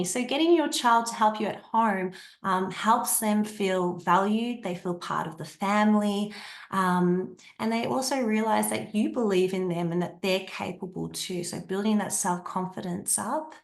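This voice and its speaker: A woman speaks gently as she explains parenting tips and acts out kind phrases for a child. Her pitch sits in an ordinary middle range, and she talks with frequent ums. The room around her sounds echoey. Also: a little slow. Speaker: Montessori parenting guest.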